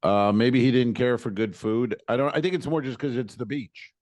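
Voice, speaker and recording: A man's voice: medium pitch, moderate pace, darkish tone, dry recording. A man, a stand-up comedian hosting a podcast, chatting loosely and rambling, swearing now and then. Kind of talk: casual podcast chat.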